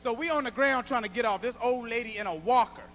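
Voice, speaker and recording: A man performing a stand-up comedy routine on a club stage, an animated storyteller who often shouts. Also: very high-pitched, fast, slight background noise.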